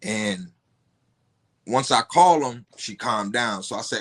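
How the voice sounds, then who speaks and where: A man's voice: lowish voice, expressive, slightly rough. A man, a podcast guest, telling a personal story in casual, profane talk full of restarts. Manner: profane, halting, many restarts.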